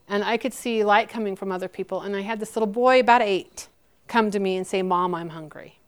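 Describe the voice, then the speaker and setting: A woman in her forties answering audience questions about her near-death experience, earnest and halting, with frequent restarts. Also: medium pitch, clear, resonant tone.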